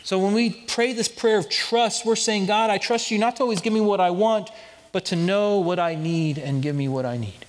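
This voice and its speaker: A man in his thirties preaching a sermon in a church sanctuary. His voice sits a bit high, and he tells stories earnestly, often restarting his phrases. A long reverb trails off the hall around him. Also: moderate pace. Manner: earnest storytelling with repeated restarts. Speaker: pastor.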